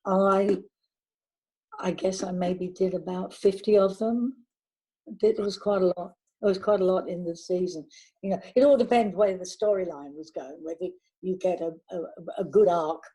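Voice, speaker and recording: An older woman, a veteran actress, chatting warmly in an interview and telling anecdotes from her career. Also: on the low side, normal speed, breathy edge, poor audio. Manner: warm anecdotal, chatty with restarts. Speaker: actress guest. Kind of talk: reminiscing interview talk.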